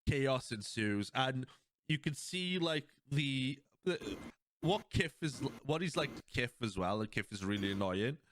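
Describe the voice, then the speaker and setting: A young man talks through his favorite scenes on a casual podcast. He rambles and gets animated, and a faint hiss sits under his voice. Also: medium pitch, a little slow. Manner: rambling, animated retelling with laughs. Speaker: podcast host. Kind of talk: casual chat.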